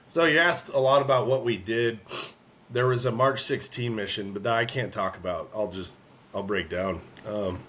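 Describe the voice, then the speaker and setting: An army veteran tells a war story in an interview, speaking earnestly and haltingly and often clearing his throat. His voice is medium in pitch with a fairly bright tone.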